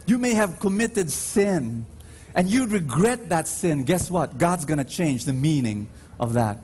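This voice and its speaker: A man's voice: a little high, very animated, darkish tone, a little hiss or hum. A man preaching a sermon in a large church, emphatic and calling out to the congregation, drawing out his stories with dramatic rises. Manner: emphatic, call-and-response with the congregation; slow, drawn-out storytelling with dramatic rises. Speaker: preacher at Mass.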